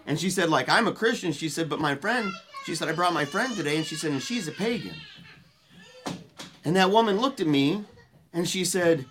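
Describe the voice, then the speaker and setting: A guest at a book launch sharing an emotional personal story in a loose, heartfelt way, dropping to a hushed voice at tender moments. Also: mid-range voice, animated, moderate pace, slight background noise. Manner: earnest and emotional, dropping to a hushed voice when retelling words of comfort; loose spoken style with restarts and colorful phrases. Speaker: guest speaking at a book release party.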